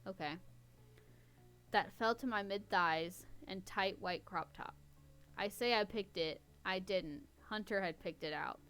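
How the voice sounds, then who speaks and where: A woman's voice: medium pitch, measured pace, fairly bright tone, clear, resonant tone, soft background music. A woman podcast host reading a story aloud in a casual way, stopping to poke fun at the writing. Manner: wry, stops to mock the writing. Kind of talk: casual reading with running commentary.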